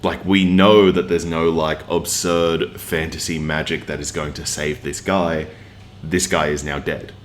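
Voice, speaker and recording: A man's voice: rumbling low, level tone, unhurried, a little hiss or hum. A man giving a casual, earnest review with lots of filler words and plain emotional investment. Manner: earnest, rambling with many fillers. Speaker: manga reviewer. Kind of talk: casual chat.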